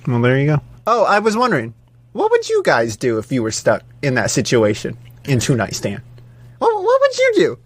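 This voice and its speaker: A man co-hosting a casual podcast chat, telling jokey stories in an animated way. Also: mid-range voice, fairly quick, husky, no echo. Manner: animated joking storyteller. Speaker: podcast co-host.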